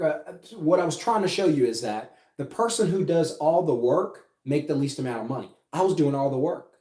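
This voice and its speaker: A man's voice: on the high side, warm tone. A man giving an emphatic motivational business talk, firing rhetorical questions and tagging lines with "right?". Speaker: business coach. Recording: echoey room.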